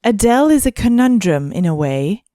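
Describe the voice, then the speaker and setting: Woman co-host, smooth and dry close sound, casual musing chat. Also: medium pitch, sing-song, moderate pace, warm tone, no echo. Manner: musing, searching for words. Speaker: podcast co-host.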